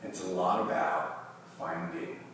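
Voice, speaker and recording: A man teaching a guided yoga class, giving calm cues with long pauses between them. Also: low voice, a little hiss or hum. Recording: distant mic in a very echoey room.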